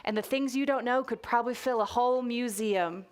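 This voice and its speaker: A woman's voice: on the high side, fairly quick, smooth, lightly acted. A woman with a put-on Texas accent reading aloud as a chatty kid narrator of a spooky children's book, in a folksy, conspiratorial way. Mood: confiding.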